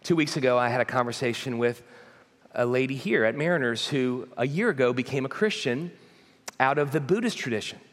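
A man's voice: mid-range voice, lively intonation, a little fast. Emphatic male pastor preaching in a hall. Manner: emphatic, repetitive preaching cadence. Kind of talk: sermon. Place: church auditorium. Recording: long hall reverb.

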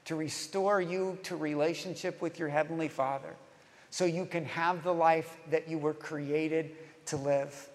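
A man preaching a sermon as a pastor, emphatic, leading the congregation to repeat phrases with him. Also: on the high side. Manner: emphatic, leads congregation in call-and-response. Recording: long hall reverb.

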